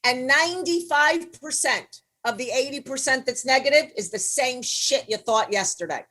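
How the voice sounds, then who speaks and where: A woman's voice: sits high, normal speed, sharp tone. A middle-aged woman coaching on leadership, teaching in a blunt, emphatic way with casual swearing. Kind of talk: motivational teaching session.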